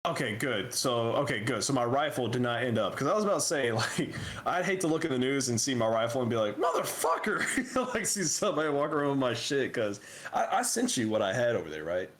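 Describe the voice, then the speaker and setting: A young man co-hosting a podcast, swapping profane, animated stories in casual chat. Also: medium pitch, fast talker. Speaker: podcast co-host.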